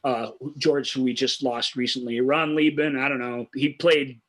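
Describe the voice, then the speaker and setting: Bright-voiced man chatting eagerly about films. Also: mid-range voice, steady tone, normal speed. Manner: enthusiastic, restarts sentences often. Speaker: co-host of a movie review show. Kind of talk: casual film discussion.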